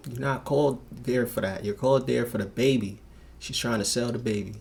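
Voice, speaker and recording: A man hosting a reaction video, talking in profane street slang with animated outbursts. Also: medium pitch, a little fast, vocal fry. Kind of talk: casual commentary over a clip.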